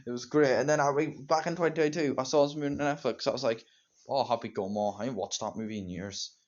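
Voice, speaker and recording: In a dull lo-fi home recording, a teenage boy reviews a movie alone, rambling and repeating himself like an excited fan. He talks quickly in a medium-pitched voice.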